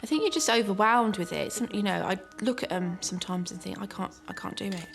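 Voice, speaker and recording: A woman's voice: medium pitch, fast, creaky. A woman of forty, a mother of twins, speaking wearily and plainly in a documentary interview. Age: 40s. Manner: weary, plain-spoken recollection. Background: soft music.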